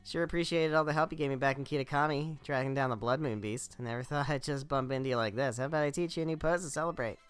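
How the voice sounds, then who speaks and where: A friendly young photographer woman with a chatty streak, voiced by a man reading along. The voice is smooth and resonant, with a middle pitch that stays close to his everyday register. The lines come out upbeat and sociable, like a video game character greeting an old partner. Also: fast, few pauses, soft background music, close to an everyday voice. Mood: cheerful.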